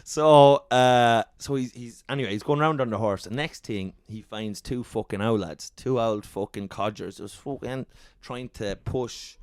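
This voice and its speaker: A man's voice: medium pitch, unhurried, hardly any pauses, a little mellow, clear, resonant tone, dry recording, studio quality. A young Irish man telling an old legend as a profane comic yarn on a podcast, laughing often. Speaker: podcast storyteller. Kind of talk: casual comic storytelling.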